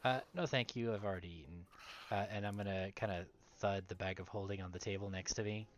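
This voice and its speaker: Low-voiced man playing a tabletop game. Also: steady tone, fast, no room sound. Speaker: player.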